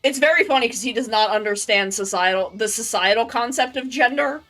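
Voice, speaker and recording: A woman's voice: a little high, fairly quick, fairly bright tone, faint music behind. A woman hosting a live stream, rambling through casual chat with lots of fillers. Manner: rambling, filler-heavy, upbeat. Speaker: streamer host.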